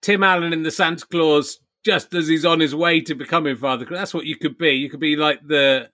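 A man's voice: a little high, fairly even intonation, brisk, bright, forceful tone, dry recording, studio quality. A man hosting a comedy podcast, chatting with a guest in a jokey way and laughing easily. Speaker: podcast host. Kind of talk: casual comedy interview chat.

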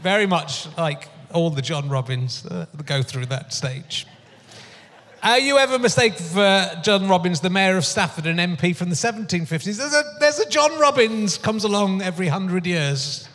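A man's voice: sits high, expressive, moderate pace, fairly bright tone. A man hosting a comedy podcast in a casual chat, playfully asking his guest running-gag questions on stage before a live audience. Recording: live venue with long reverb.

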